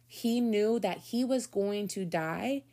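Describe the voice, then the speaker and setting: A middle-aged woman giving an informal devotional talk, earnest and conversational, slowing down to stress key words. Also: mid-range voice, warm tone. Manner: earnest, conversational, slows down for emphasis. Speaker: Bible teacher.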